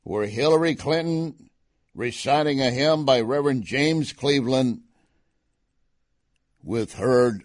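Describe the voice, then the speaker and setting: A man's voice: mid-range voice, slow pace, long pauses, dry recording, clean studio sound. A man hosting a political talk show, speaking conversationally and pushing hard on key points. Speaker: talk radio host. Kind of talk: political commentary.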